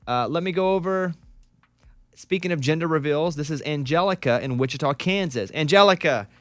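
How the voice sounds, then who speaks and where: A male radio host running a morning call-in show, quick and joking with his callers. His delivery is rapid and very animated, with a pitch that jumps around a lot. The studio sound is dry and close. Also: no echo. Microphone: studio microphone.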